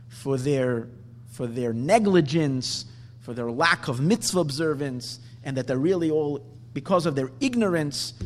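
Brief: man teaching a storytelling lesson, animated and self-correcting, slight hum, long reverb behind him. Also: a little high. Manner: animated storyteller with frequent restarts. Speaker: teacher giving a religious class.

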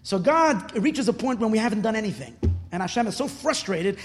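A man preaching a passionate sermon as a rabbi, swinging from hushed, soft passages to loud, emphatic bursts and repeating words for stress. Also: sits high, big pitch swings, fairly quick, husky. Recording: long reverb of a hall.

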